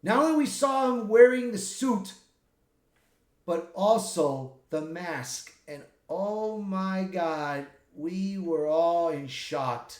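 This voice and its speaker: A man giving a casual spoken movie recap, retelling scenes with loud, high-pitched character impressions. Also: slow pace, echoey room. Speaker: movie reviewer.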